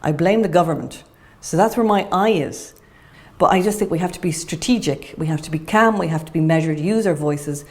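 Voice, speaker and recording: Calm, measured woman. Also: on the low side. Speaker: documentary interviewee. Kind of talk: talking-head interview.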